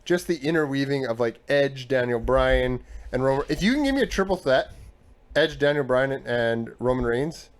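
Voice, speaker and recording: A man co-hosting a casual podcast, talking excitedly about the week's shows with quick bursts. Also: mid-range voice. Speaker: podcast co-host. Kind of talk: casual chat.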